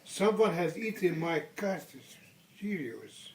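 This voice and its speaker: A man's voice: high-pitched, sing-song, slow pace, vocal fry, a little mellow, full character voice. An older man voicing a sad little baby bear in a storybook, reading in a raised, plaintive way. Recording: echoey room from a distance.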